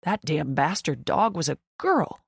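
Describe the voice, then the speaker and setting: A woman doing a gruff, grumbling father. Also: sits low, fairly even intonation, a little slow, dry recording, clean studio sound.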